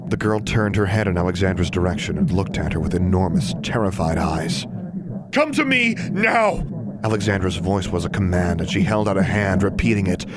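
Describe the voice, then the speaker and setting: Man, very low voice, audiobook narration, even delivery. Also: fast, few pauses, heavy background noise. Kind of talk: scripted narration.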